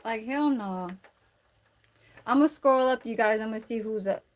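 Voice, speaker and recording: A woman's voice: a little high, measured pace. A woman chatting casually on a cooking livestream, telling a rambling, profane story to her viewers while she cooks in a kitchen. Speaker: livestream cook.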